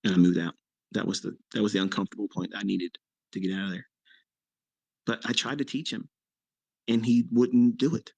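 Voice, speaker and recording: A man in his fifties, a trading mentor, telling a story in casual talk, bluntly and with swearing, and with sudden emphatic leaps in pitch. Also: fairly even intonation, a little fast, vocal fry, pauses often, darkish tone, slightly rough, no room sound. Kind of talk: casual storytelling on a live audio chat.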